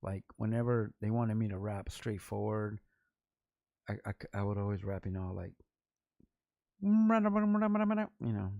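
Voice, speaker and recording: A middle-aged man from Los Angeles, a rapper hosting his own vlog, telling loose, profane, rambling stories full of quick asides. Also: on the low side, little pitch movement, vocal fry, dark tone, no echo, studio quality. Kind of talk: casual storytelling to camera.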